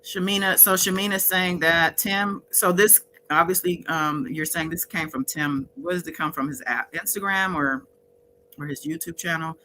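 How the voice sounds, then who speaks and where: A woman's voice: fairly low pitch, normal speed, sharp tone, a little hiss or hum, rough recording. A woman hosting a casual livestream, chatting with viewers in the chat by name. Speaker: livestream host.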